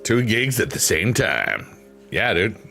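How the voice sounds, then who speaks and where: A man's voice: fairly low pitch, big pitch swings, slow pace, gravelly, sharp tone. A man from New York rambling casually on a stream, meandering and playful as he talks to his chat. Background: piano music.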